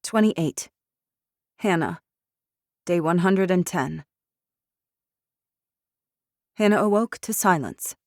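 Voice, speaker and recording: A woman narrating an audiobook in a measured, steady storytelling manner. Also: fairly low pitch, dry recording. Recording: dry studio recording.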